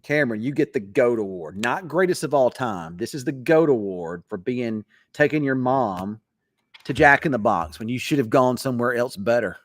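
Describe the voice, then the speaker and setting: A man's voice: medium pitch, expressive, normal speed. A man hosting a weather show, chatting casually in a rambling, teasing way. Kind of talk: casual late-night live chat.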